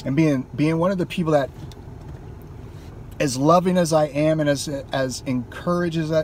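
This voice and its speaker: Worked-up guy venting in his car, voice a bit high, some faint hum behind. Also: measured pace, a little mellow. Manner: emphatic, heated, swears freely. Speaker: gaming YouTuber. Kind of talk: impassioned car vlog rant. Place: inside a car.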